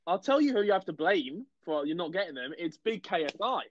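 Young man from Guernsey, high voice, quick talk, rambling, dull lo-fi audio. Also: sing-song, no room sound. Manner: rambling, laughs often, self-deprecating. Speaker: podcast co-host. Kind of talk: casual chat.

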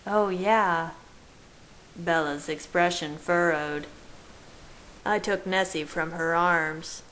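A woman reading fan fiction aloud in a slow, gentle, measured way, narrating from a man's point of view. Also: fairly low pitch, a little hiss or hum, poor audio. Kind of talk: storybook narration read aloud.

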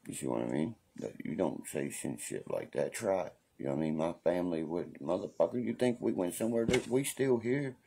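A man's voice: low voice, lively intonation, brisk, vocal fry, hardly any pauses, dark tone, husky. A man hosting a casual livestream rant, profane, defiant and preachy, who keeps asking "you know what I mean". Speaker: livestream host.

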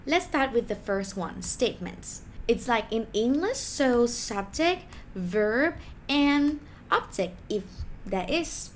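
A woman's voice: a little high, expressive, a little hiss or hum. Patient woman teaching a language lesson. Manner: slow, patient explaining with repeated example words.

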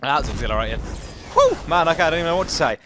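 A young man talks through a game in a loose, chatty commentary. His voice sits a touch high and swoops widely, and he keeps up a steady stream of excited yelps and asides aimed at the game. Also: rapid-fire, noisy background. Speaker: gaming commentator. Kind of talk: casual gameplay commentary.

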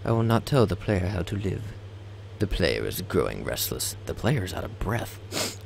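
A man's voice: low-pitched, big pitch swings, moderate pace, gravelly, a little hiss or hum. A young man, host of a game video, giving a theatrical reading over gameplay, stumbling and tossing in joking asides. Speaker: let's play host.

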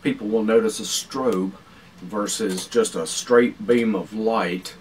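A man hosting a survival vlog, explaining his gear in a practical, unhurried way with many pauses while he chews food. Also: lowish voice, fairly even intonation. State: talking while chewing food. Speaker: survival channel host. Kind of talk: casual explanatory vlog talk. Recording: distant mic with faint background noise.

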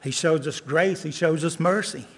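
An older man preaching a sermon as a guest preacher, earnest, repeating lines and slowing down for emphasis. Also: a little high, a bit bright, breathy edge. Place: church sanctuary. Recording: long church reverb.

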